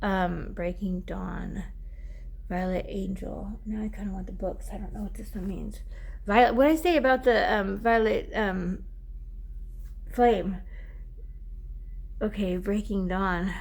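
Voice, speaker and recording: A woman's voice: medium pitch, measured pace, vocal fry, long pauses, a little mellow, husky. A woman giving a casual, rambling oracle card reading, teary at times and often drifting off mic.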